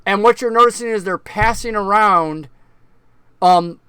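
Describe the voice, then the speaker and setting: A man narrating and explaining rules as game master of a tabletop game, relaxed and patient. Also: high voice, a little slow, clean tone, dry recording.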